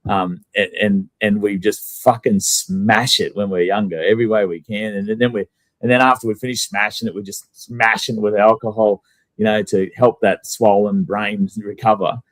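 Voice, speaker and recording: A man's voice: on the low side, flat delivery, normal speed, no echo. An Australian man telling a rambling story in a casual podcast chat, swearing bluntly. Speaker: guest.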